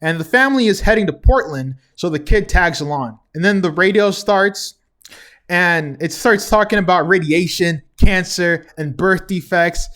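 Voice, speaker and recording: Young man, high voice, chatty and chuckling, casual episode recap. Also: fairly bright tone. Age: young adult. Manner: chatty, chuckles often between remarks. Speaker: TV recap vlogger.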